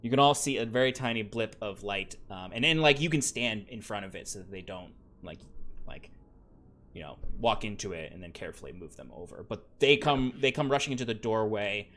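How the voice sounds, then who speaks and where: A man's voice: fairly low pitch, lively intonation, brisk, a bit bright. A man running a tabletop game as game master, narrating loosely with lots of fillers.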